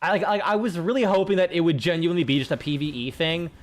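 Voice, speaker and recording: Rambling, fairly high-voiced male streamer. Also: fast. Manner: rambling, swears often, many restarts. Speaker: game streamer. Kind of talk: casual gaming chat.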